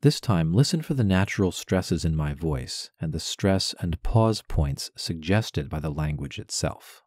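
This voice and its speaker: A man with a very low voice teaches a poem line by line and talks slowly and carefully. He stresses each syllable on purpose. The sound is close and dry, with no room around it. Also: animated, darkish tone, no room sound. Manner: measured and deliberate, stressing syllables. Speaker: poetry teacher. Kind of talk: instructional narration with poem recitation.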